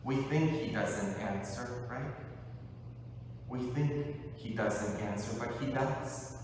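A man, a Catholic priest, preaching a sermon with impassioned, repeated questions and deliberate pauses. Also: medium pitch, background noise. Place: large church. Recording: echoey church, voice from a distance.

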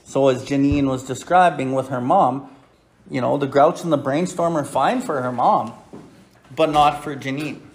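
A man's voice: medium pitch, moderate pace. A middle-aged man hosting a recovery podcast, talking bluntly and profanely with many "right?" asides and reading aloud from a recovery book. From Canada. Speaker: recovery podcast host and sponsor. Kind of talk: blunt casual talk and Big Book reading.

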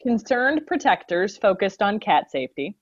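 A woman co-hosting a casual chat, delivering wry deadpan remarks. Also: mid-range voice, normal speed, dry recording, dull audio. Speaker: podcast co-host.

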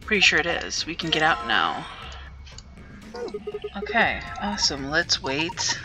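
A woman playing an escape game aloud, casually thinking out loud. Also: deep voice, sing-song, measured pace. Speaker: player. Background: game music.

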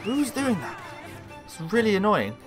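A man casually commentating on his own gameplay, sweary and excitable, talking back to the characters on screen. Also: high-pitched, normal speed, soft background music. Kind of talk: casual let's-play commentary.

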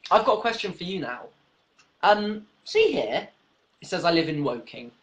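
A man's voice: sits high, moderate pace. A young man, joking around as the vlogger in a casual chat. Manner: animated, joking, jumps between topics.

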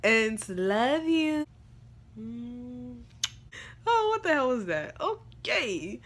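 A woman's voice: fairly high pitch, big pitch swings, very slow, fairly bright tone. A young woman hosting a reaction video, chatting casually and gigglingly with lots of "like", a little under the weather. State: a bit ill. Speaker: reaction YouTuber. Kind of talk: casual chat.

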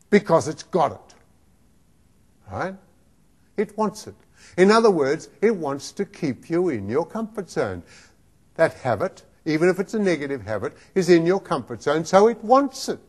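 Lively, slow-talking male self-help teacher. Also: sits high. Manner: emphatic, keeps asking the listener "right?". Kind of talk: motivational lecture.

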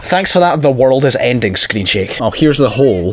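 A man's voice: medium pitch, very animated, moderate pace. A young man giving sweary, exasperated comedic commentary over gameplay. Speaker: gaming YouTuber.

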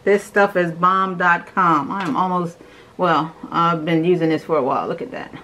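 A young woman with a slightly lower voice chats her way through a morning skincare routine. She is easygoing and enthusiastic, talking as she works through each step at home. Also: moderate pace, pushed and bright, a little hiss or hum, low-quality recording. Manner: chatty, enthusiastic, talks while doing the steps. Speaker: beauty vlogger. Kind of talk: casual skincare routine demo.

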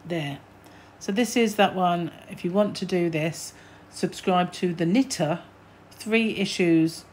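A woman's voice: lowish voice, slow, darkish tone, slight background noise. An older British woman hosting a crochet channel, chatting casually as she reads magazine snippets aloud and adds musing asides. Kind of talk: casual magazine flick-through chat.

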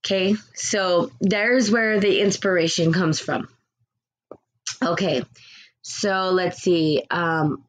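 Woman giving a relaxed spiritual talk. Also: fairly low pitch, measured pace, poor audio. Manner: conversational, reflective, acts out quoted people. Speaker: spiritual teacher. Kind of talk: casual spiritual teaching.

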